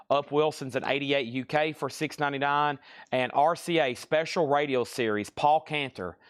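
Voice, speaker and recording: A man's voice: medium pitch, fairly bright tone, dry recording, clean studio sound. A man hosting a live record sale stream, rattling off titles and prices with chatty asides. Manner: brisk item-by-item price calls with chatty asides. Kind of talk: live-stream sales patter.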